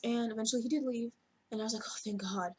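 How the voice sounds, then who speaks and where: Woman rambling thru a storytime vlog, kinda husky voice, lots of "like", swears casually. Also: fairly high pitch, steady tone, fast. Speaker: vlogger telling a story.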